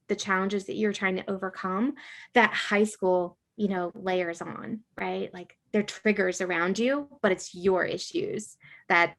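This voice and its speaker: A middle-aged woman, a podcast guest, telling a school story in a casual, animated way, with lots of filler words. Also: mid-range voice, gravelly.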